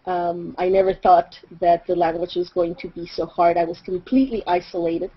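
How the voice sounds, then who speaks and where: A middle-aged woman from Mexico with a Mexican accent, whose first language is Spanish, telling a personal story in a reflective way, with fillers and soft laughs. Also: on the low side, fairly even intonation, normal speed, breathy edge. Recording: slightly dull recording.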